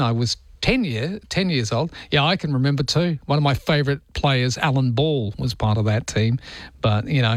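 A middle-aged man hosts an overnight talkback show in a relaxed, chatty way. He calls listeners mate and jokes along with them. His voice sits in a middle register and sounds close and dry in the studio. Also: mid-range voice, dry recording. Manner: chatty, friendly, greets callers as mate. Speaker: overnight radio host. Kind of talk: casual talkback radio chat. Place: radio studio. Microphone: studio microphone.

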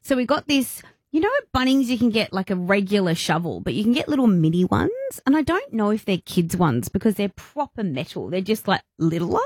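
An Australian woman in her thirties on a breakfast radio show, telling a family story with a lively, swooping pitch. Her voice is close and dry in the studio, chatty and animated. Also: a little fast, hardly any pauses, breathy edge, no room sound. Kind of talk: casual radio chat. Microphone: studio microphone.

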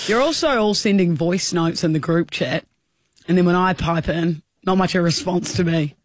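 A man's voice: high-pitched, moderate pace, no room sound. A man with an Australian accent, co-hosting a radio show in mock-offended, complaining banter. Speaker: radio co-host. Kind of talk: casual on-air banter.

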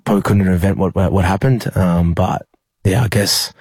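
Australian man, young, rugby player, low voice, husky, halting speech, dry sound. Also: steady tone, a little mellow, no echo. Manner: halting, full of fillers and restarts. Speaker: professional rugby league player. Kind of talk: emotional interview storytelling.

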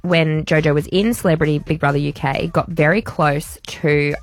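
A woman's voice: low voice, steady tone, normal speed, soft background music. Chatty gossiping woman. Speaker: radio host. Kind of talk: casual radio chat.

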